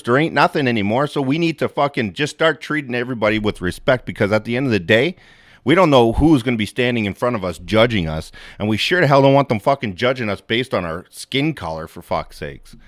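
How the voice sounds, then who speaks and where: A man's voice: medium pitch, expressive, brisk, dry recording, studio quality. A middle-aged man hosting a live stream, rambling and swearing, laughing at his own jokes. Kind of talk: casual live-stream rant.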